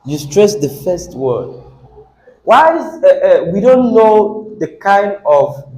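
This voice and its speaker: A man lectures a classroom at an unhurried pace. His voice sits a little higher than most men's, and he keeps repeating key words and quizzing the students with questions. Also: a little mellow, rough recording. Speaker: teacher.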